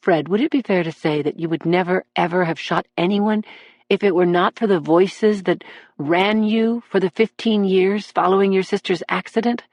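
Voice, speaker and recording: A woman doing a calm, measured defense lawyer. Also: high-pitched, dry recording. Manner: even, measured, matter-of-fact. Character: cool, composed male defense attorney.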